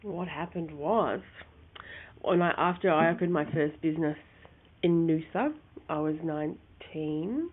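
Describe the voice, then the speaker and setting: A woman, co-hosting a casual chat and telling her stories in an animated way, often restarting her sentences. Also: deep voice, unhurried, breathy edge. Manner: animated storytelling with many restarts. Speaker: co-host. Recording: phone-like narrow sound.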